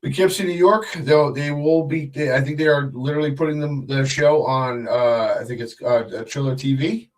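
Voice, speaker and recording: A man in casual podcast chat, talking at a middling pitch. He rambles through fillers and false starts, jokes easily, and sounds a little distant from the mic. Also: normal speed, few pauses. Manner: rambling, lots of fillers and restarts; jokey, slips into wrestler impressions. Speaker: guest wrestler.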